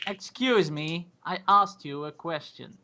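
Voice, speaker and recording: A stern, proud dwarf guard in heavy armor, put on by a man running a tabletop game. He speaks in a haughty, challenging way and sits fairly high in pitch. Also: takes it slowly, bright, forceful tone, exaggerated voice.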